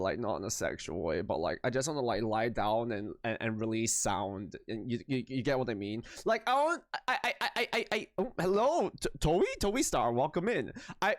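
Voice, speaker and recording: A man's voice: mid-range voice, no room sound, studio quality. A tired young man streaming live, chatting with his viewers in a rambling, self-mocking way, swearing freely and giggling. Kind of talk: casual chat with viewers.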